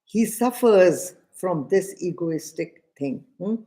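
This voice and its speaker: Speaking in a lowish, dark voice with lively intonation, this middle-aged scripture teacher gives a spiritual talk in Indian-accented English. Her delivery is deliberate, she returns to key phrases, and now and then she slowly chants verses.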